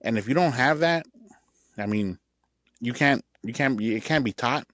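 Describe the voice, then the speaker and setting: A man co-hosting a podcast in casual chat, halting and repeating filler words like "like" and "bro.". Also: medium pitch, animated, fairly bright tone, no room sound, clean studio sound. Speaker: podcast co-host.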